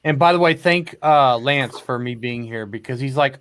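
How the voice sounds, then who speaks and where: A man chatting casually on a group video call, lively and quick to laugh at himself. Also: mid-range voice. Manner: lively, self-mocking.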